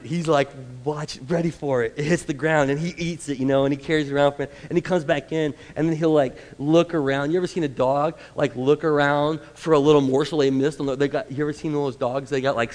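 A man's voice: on the high side, a little mellow. A man gives a sermon in a slightly raised voice. He tells homely stories with casual asides, and his words ring out with the long reverb of a large hall. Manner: conversational storytelling with asides. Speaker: pastor.

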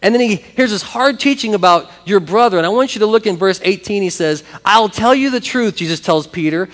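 High-voiced preaching pastor in a reverberant hall. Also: male voice, a little fast, few pauses. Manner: animated preaching, acting out quoted voices. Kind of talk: sermon.

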